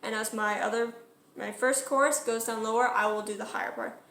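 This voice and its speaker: A woman's voice: fairly high pitch, fairly even intonation, brisk, fairly bright tone, roomy sound, slight background noise. A woman talking through how she builds her song cover in a casual tutorial, chatty and correcting herself as she goes. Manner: chatty, self-correcting, sings short phrases to demonstrate. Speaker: music cover creator.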